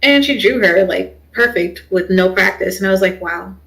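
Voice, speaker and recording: Young woman, streamer, casual chat, rambling, fillers, mid pitch. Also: moderate pace, creaky, a bit bright, rough recording. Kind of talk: casual chat while drawing.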